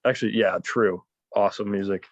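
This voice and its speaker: A man chatting as a guest in a relaxed way, laughing easily and hesitating with fillers. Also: lowish voice, brisk, dull audio, a little hiss or hum. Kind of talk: casual chat.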